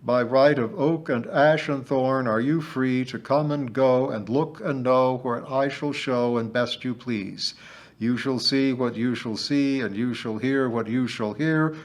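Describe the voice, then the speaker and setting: A man with a medium-pitched, lightly acted voice plays an old, jolly, bragging hill sprite in a storybook. He sounds hearty and emphatic, turning sing-song when he chants.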